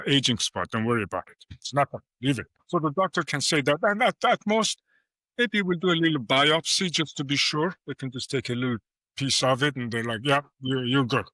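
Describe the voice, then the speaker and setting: A middle-aged man speaking as an interview guest, lively and story-driven, slipping in little acted exchanges as he explains. His tone is bright and forward, and the sound is dry and close to the mic. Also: mid-range voice, brisk, no echo. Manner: animated storyteller, acts out quoted dialogue. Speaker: guest AI professor. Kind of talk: casual interview talk.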